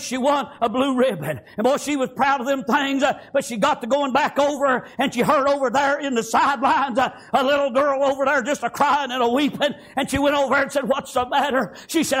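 A high-pitched male preacher with a drawl delivers a fervent sermon. He tells folksy stories and keeps breaking into "praise God" and "amen.". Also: fairly bright tone.

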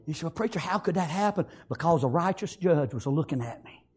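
A man preaching, telling a story in a sermon, swinging from hushed whispers to loud shouted praise. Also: on the high side, lively intonation, fairly quick, breathy edge.

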